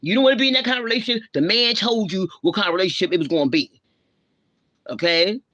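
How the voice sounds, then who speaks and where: A woman rants on her livestream, lecturing and scolding in blunt street slang. Her voice is sharp and forceful, and the sound is dry and close with no room echo. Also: mid-range voice, fast talker. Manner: blunt, confrontational, heavy slang. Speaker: livestream host. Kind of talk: ranting live commentary.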